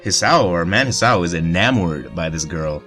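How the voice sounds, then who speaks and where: A man with a low, deep voice reads a visual novel aloud for a let's play. He keeps breaking the narration with crude, joking asides. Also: animated, moderate pace, pushed and bright, faint music behind. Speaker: let's player.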